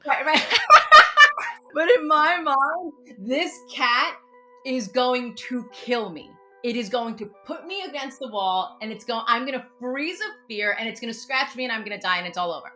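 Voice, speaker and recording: Animated woman telling a story over music. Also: a little high, normal speed. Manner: dramatic, expressive, laughs often. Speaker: podcast guest, teacher and meditation coach.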